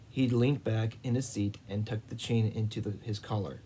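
Mellow male audiobook reader. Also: fairly low pitch, fairly even intonation, moderate pace, slight background noise, rough recording. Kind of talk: reading a novel aloud.

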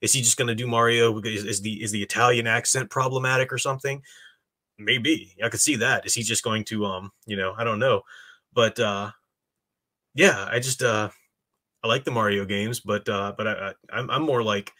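A man's voice: on the low side, steady tone, moderate pace, pushed and bright. A man hosting a live stream, talking casually and reading chat messages. He rambles with many restarts and gives blunt opinions.

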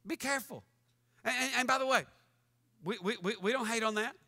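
A man preaching as pastor, animated and mock-angry, joking with his congregation in a church. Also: extremely high pitch, brisk. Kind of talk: fiery sermon. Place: church sanctuary. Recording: long church hall reverb.

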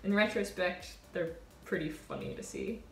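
A woman in her twenties, a college sailor, telling a reflective personal story in an earnest, warm way. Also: on the low side, lively intonation, normal speed, creaky, roomy sound, faint music behind. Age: 20s. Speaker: college sailor and award winner.

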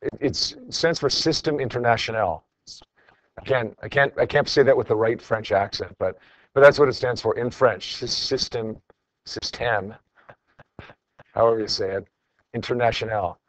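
A man's voice: mid-range voice, a little fast, dry recording, poor audio. A man teaching a classroom lesson, going over homework in a conversational way and calling on students by name.

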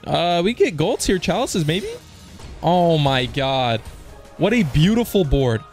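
A slightly high-voiced man commentating his own slot spins, his pitch leaping all over as he swings from muttering to shouting. He talks in loose slang, calling everyone dude and man, and swears freely. Faint game music plays under him. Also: slow pace. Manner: excitable, swears, bursts into yells on big hits; casual slang, keeps saying "dude" and "man". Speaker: online slots streamer. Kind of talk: live gambling commentary.

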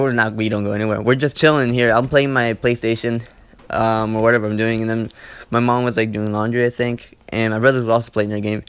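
A young man tells a story over gameplay in a loose, rambling, profane way, leaning on "like" and "you know" at every turn. His voice sits at an ordinary middle pitch. The sound is dry and close, with no room echo. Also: smooth. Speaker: gaming channel host.

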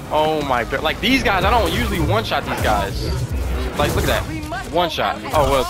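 A young man giving live, excitable commentary over a video game, swinging between frustration and amazement. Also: a little high, a little slow, over loud music. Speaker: gaming commentator.

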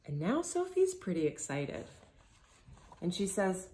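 A woman reading a picture book aloud to children, gently explaining as she goes and asking them questions. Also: on the low side, wildly swooping pitch. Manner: gentle, slow storytelling, speaking directly to children.

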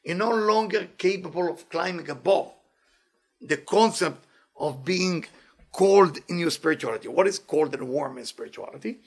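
Husky, gravelly-voiced man preaching. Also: high-pitched, normal speed. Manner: animated, acts out voices with laughs and exclamations. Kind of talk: sermon.

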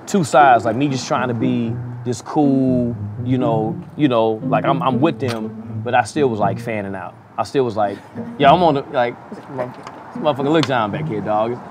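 A man's voice: medium pitch, normal speed, background noise. Laid-back, cussing man telling a story. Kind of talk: casual storytelling to camera. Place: outdoors in a city.

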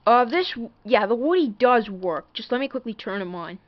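A woman rambling through a show-and-tell of her toy, full of little fillers and apologies. Her voice sits fairly high. It is close and dry, though a bit dull and muffled. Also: lively intonation, normal speed, no room sound. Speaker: toy collector showing a doll. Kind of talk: casual show-and-tell vlog.

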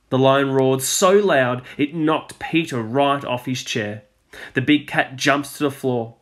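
A male teacher reading a children's storybook aloud with expressive storytelling, dropping his voice on the speech tags. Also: medium pitch.

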